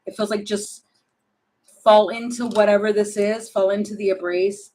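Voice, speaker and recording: A woman doing a casual tarot reading, thinking aloud and animated, with many fillers and restarts. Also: mid-range voice, fairly quick, rough recording. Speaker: tarot reader.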